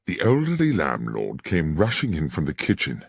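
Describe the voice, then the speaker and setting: Male audiobook narrator, very deep, gravelly, lively intonation, dry close sound. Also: no echo. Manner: measured and expressive. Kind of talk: scripted first-person narration.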